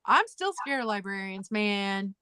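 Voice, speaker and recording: A woman's voice: medium pitch, sing-song, a little slow, sharp tone, clear, resonant tone. A woman hosting her channel's live sale, chatting casually and wrapping up with announcements. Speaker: channel host.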